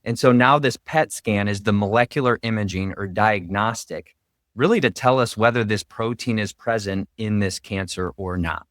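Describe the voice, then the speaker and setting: Man, radiation oncologist guest, earnest explainer, lowish voice, dry recording. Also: normal speed, fairly bright tone, no room sound. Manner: earnest, explanatory, heavy on "really" fillers. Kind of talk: interview podcast conversation.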